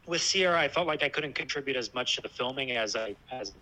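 A man casually talking about hiking with his dog, thoughtful and relaxed, with many fillers and restarts. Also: mid-range voice, quick pace, rough recording. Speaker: hiker discussing a trip with his dog. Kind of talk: casual chat.

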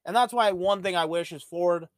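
Laid-back man, slightly high voice. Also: moderate pace, dry recording, clean studio sound. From Ontario, Canada. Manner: rambling, profane, laid-back storytelling. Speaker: podcast host. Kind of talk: casual monologue.

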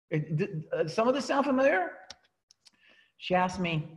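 A man giving a motivational talk to a coaching team, telling his story in an animated way and often restarting his sentences. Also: high voice, normal speed, pauses often, muffled recording. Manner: animated storytelling, repeats words and restarts, laughs at himself.

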